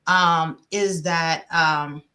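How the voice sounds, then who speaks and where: A woman relationship coach talking casually on a podcast, animated, laughing often and pausing on "um". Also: deep voice, clean tone.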